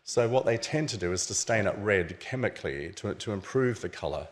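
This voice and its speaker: Brisk and animated, with a voice on the low side, this author is presenting his book at a launch held in a museum event venue. He walks the audience casually through the objects pictured on his slides.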